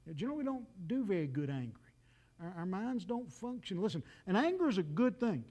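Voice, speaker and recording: A man's voice: high voice, very animated, fairly quick, dark tone. A man, preaching a folksy, joking sermon and talking straight to the congregation. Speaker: pastor.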